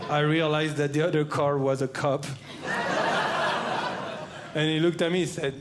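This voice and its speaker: A man performing stand-up comedy in a club, telling a story in a slow, deadpan way. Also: a little high. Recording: live club with background noise.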